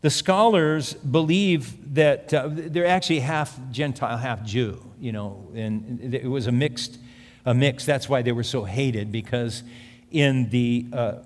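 A man preaching a sermon as pastor, earnest and conversational, reading scripture aloud between plain asides. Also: mid-range voice. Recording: long reverb of a large hall.

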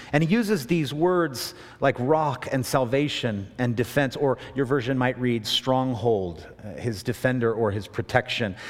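A man preaching a sermon in a relaxed, conversational way, mixing scripture with self-deprecating stories. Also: mid-range voice, in a large hall. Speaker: pastor.

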